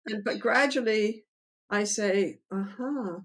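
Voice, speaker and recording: An older woman therapist, interviewed about her methods, explains them in an animated way and acts out exchanges between client and therapist. She speaks at a measured pace in a mid-range voice.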